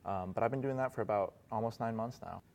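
A man's voice: lowish voice, fast, vocal fry. A man in his twenties from Arizona, chatting casually in a podcast studio interview with lots of fillers. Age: 20s. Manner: relaxed, many fillers and "like". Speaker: guest, resort concierge.

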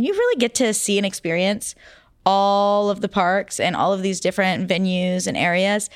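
Young woman, interview guest, animated storyteller, laughs often, casual chat. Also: mid-range voice, no echo.

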